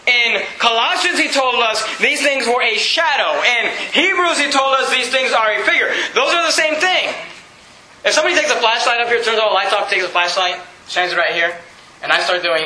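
A pastor preaching a sermon in a high, very bright and piercing voice. He drives his points home emphatically, reading verses and slipping in playful asides. The church room gives his voice a noticeable echo. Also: normal speed, a little hiss or hum. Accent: non-standard accent. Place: church sanctuary.

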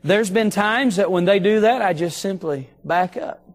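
High-voiced preacher telling a story. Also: male voice, faint music behind. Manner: storytelling, slows for emphasis on key phrases. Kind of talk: sermon. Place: church sanctuary.

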